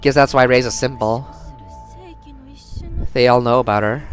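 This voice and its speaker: A woman's voice: very deep voice, steady tone, moderate pace, pauses often, faint music behind. A young woman streaming a story game, reading the text aloud and reacting with swearing and laughter. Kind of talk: game playthrough commentary.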